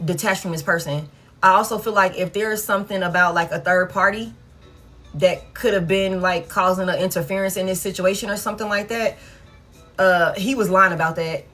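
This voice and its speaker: A woman's voice: mid-range voice, steady tone, normal speed, a bit bright, soft background music. A woman giving a casual live tarot reading, blunt and frank, swearing freely and repeating herself for emphasis. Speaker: tarot reader.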